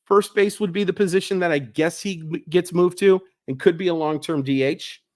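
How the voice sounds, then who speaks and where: A man giving a solo sports analysis, talking in an animated, conversational way and correcting himself as he goes. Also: sits high, moderate pace, dry recording, studio quality. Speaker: baseball analyst.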